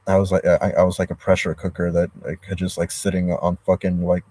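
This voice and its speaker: A man's voice: deep voice, completely flat delivery, a little fast, warm tone, husky, dry recording. A man sitting in a parked car during a livestream, reading chat comments and venting in a rambling, profane, frustrated way. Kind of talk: rambling live-stream chat. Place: inside a parked car in a driveway.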